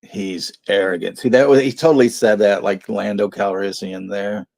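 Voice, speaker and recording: A man's voice: lowish voice, fairly even intonation, normal speed, vocal fry, darkish tone, dry recording. A man co-hosting a movie watch party, swearing freely, laughing often and telling rambling anecdotes. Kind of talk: casual chat.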